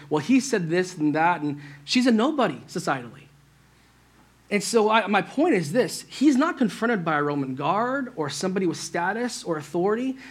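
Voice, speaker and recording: A male pastor delivers a sermon with a fairly high voice. He keeps it conversational, often checking in with his listeners and speaking to them directly. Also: husky. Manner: conversational, asks the church "right?".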